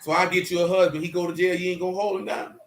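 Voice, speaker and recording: Animated high-voiced man leading Bible study. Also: very fast, slight background noise. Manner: animated, digressive, teasing slang. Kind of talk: loose, joking Bible study talk. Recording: echoey room.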